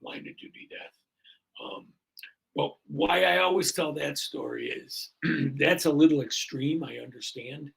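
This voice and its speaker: A fire chief in his sixties tells a story in a very gravelly, deeply husky voice. He talks in a casual, earnest way, wandering through fillers as he goes. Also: measured pace, fairly bright tone, rough recording. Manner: earnest, rambling with many fillers. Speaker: fire chief, podcast guest. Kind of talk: casual storytelling in a podcast interview.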